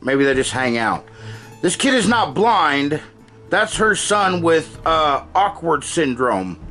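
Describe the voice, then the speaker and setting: A man's voice: a little high, sing-song, slow pace, bright, forceful tone, faint music behind. A man recapping a movie in a casual, sarcastic and profane way, often acting out what characters say. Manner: sarcastic, swears freely, acts out quotes. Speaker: movie reviewer.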